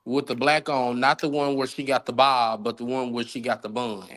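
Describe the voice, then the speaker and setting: A woman's voice: a bass voice, little pitch movement, normal speed, fairly bright tone. A woman co-hosting a podcast, emphatic and insistent in casual chat.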